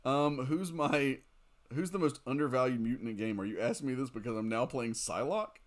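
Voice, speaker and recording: A tired young man chatting casually while streaming a game late at night, rambling, giggling and reacting loudly to the game. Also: medium pitch, very animated, normal speed.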